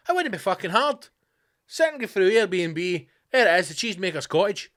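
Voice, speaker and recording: A man's voice: high-pitched, lively intonation, normal speed, a bit bright. A Scottish man hosting a podcast, delivering a sweary, sarcastic comedic rant. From Scotland. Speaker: podcast host.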